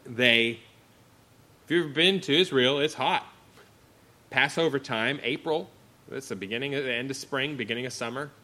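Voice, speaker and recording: A man preaching a sermon, reading scripture aloud and explaining it earnestly, moving between loud emphasis and quiet, slow passages. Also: medium pitch. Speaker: pastor.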